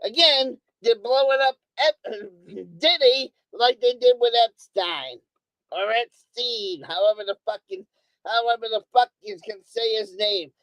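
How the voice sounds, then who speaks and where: A woman with a somewhat high voice rants angrily into a streaming mic, swearing freely and repeating herself over and over. The sound is dry and close, with no room around her. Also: unhurried, no echo, low-quality recording. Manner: profane, angry, repeats words over and over. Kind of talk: ranting monologue. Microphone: streaming microphone.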